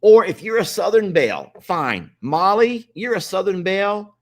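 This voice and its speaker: A man's voice: sits high, very animated, moderate pace. Chatty man hosting a livestream. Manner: chatty, pleading with viewers to join. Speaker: livestream host. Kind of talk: casual livestream chat.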